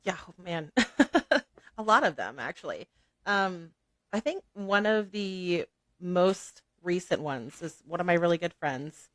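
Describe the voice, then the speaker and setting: Low-voiced, giggly woman guest. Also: takes it slowly, no room sound. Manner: giggly, animated storytelling with many "like" fillers. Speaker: podcast guest. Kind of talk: casual interview chat.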